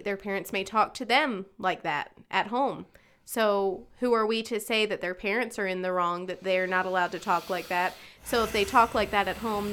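Middle-aged woman, radio co-host, bright forward voice, animated storyteller who laughs easily. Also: medium pitch, clear, resonant tone. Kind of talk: casual radio chat.

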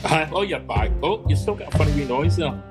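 A man's voice: on the high side, animated, brisk, loud music behind the voice. A man, chatting and joking casually as a guest on a video call.

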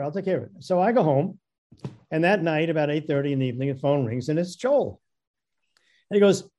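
A man recounts an old work story, tripping over his words and doubling them as he mimics the people involved. His voice sits a little high but sounds mellow and dark in tone. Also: brisk. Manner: stammering, repeats words, acts out quoted voices. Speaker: guest storyteller. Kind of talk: casual anecdote telling.

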